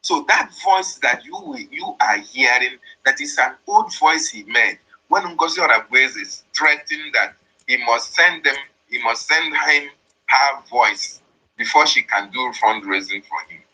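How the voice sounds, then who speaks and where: A man's voice: mid-range voice, animated, a little slow, sharp tone, breathy edge, rough recording. A man, hosting political commentary, who explains a played voice message emphatically and repeats his points. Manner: emphatic, repetitive, explains each line. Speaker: host interpreting a played voice message.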